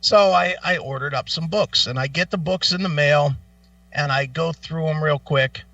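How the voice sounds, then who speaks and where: A man's voice: on the high side, moderate pace, bright, forceful tone, dry recording, distant mic, highs cut off. A man hosting a radio show, telling a profane, exasperated story in a casual rant. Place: radio studio.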